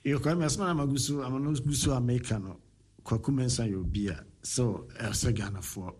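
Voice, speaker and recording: A man's voice: medium pitch, fairly quick, a little mellow, a little hiss or hum. A man hosting a radio talk show, chatting casually and affirming callers with frequent murmurs. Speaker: radio host.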